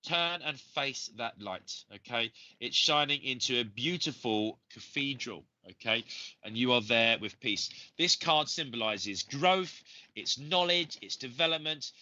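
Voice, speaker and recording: A man with a cold, hosting a live psychic reading show in a gentle, rambling way full of ums and uhs. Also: medium pitch, expressive, unhurried, highs cut off. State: has a cold. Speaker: psychic medium host.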